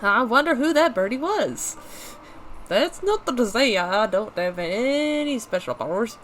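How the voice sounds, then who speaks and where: A gamer doing a folksy woodcutter with a put-on accent. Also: male voice, very high-pitched, sing-song, a little slow, a bit bright, slight background noise, pitched above the performer's own voice, heavily acted. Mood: hearty. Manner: folksy, teasing, calls people mate. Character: friendly male woodcutter with a thick put-on accent. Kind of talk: reading game dialogue aloud in character.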